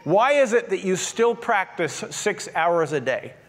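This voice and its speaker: A man's voice: high-pitched, sing-song, measured pace. A man in his sixties preaching a sermon as pastor, telling stories with self-deprecating humor. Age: 60s.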